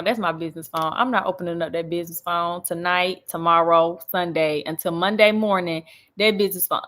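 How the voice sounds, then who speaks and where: A woman's voice: lowish voice, a bit bright. A young woman hosting a casual livestream, reading viewer comments and chatting with frequent laughs. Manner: chatty and laughing often, talking straight to viewers. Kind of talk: casual chat.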